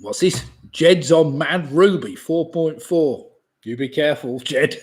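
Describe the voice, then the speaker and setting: A man in his sixties hosting a live quiz from home, chatting casually, chuckling often and reading each question slowly twice. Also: on the high side, darkish tone. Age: 60s. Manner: chatty, chuckles often, asides about beer; reads questions slowly and repeats them. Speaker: pub quiz host.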